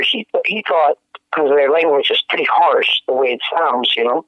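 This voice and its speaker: A man, a guest musician, telling stories in casual chat, animated and slangy, laughing often. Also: a little high, normal speed, no echo. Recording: dry, tinny phone-like sound.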